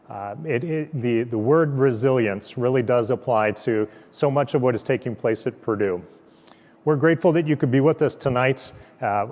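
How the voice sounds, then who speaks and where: A man's voice: mid-range voice, a little mellow. Earnest man hosting in a reverberant lab. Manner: earnest, with frequent fillers and restarts. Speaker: host, development officer. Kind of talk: hosting a virtual scholarship event. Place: university lab turned into a studio.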